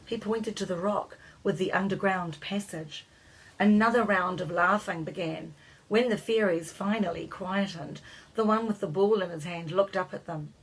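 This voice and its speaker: A woman reading a children's storybook aloud as narrator, gently lifting her voice for the characters' lines. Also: mid-range voice, normal speed, breathy edge, rough recording.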